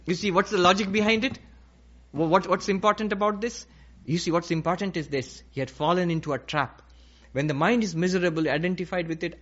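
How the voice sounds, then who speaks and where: A man giving a slow, emphatic spiritual lecture, repeating key phrases as he teaches. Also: high voice, fairly bright tone. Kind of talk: philosophical lecture. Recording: dull lo-fi recording.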